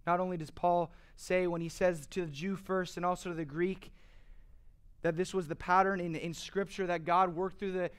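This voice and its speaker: A man's voice: high voice, fairly even intonation, moderate pace, clear, resonant tone. A man preaching a sermon earnestly, asking rhetorical questions and building to emphatic passages. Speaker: pastor.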